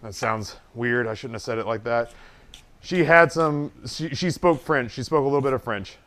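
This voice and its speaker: A man's voice: medium pitch, normal speed, fairly bright tone. A man streaming live, telling a long story from his waiting days in a casual, profane, self-deprecating way.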